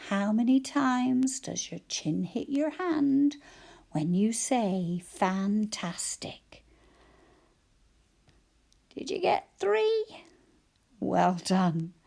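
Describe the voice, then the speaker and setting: A woman teacher slowly sounding out letters and syllables for young children in a phonics lesson, praising them cheerfully. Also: mid-range voice, big pitch swings, gravelly, dark tone. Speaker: primary school teacher.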